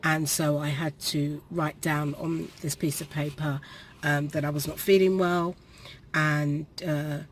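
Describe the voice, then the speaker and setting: A woman, telling a personal story to the camera in a halting way, with pauses and restarts, while perspiring. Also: sits low, little pitch movement, slight background noise. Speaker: vlogger. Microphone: camera facing her.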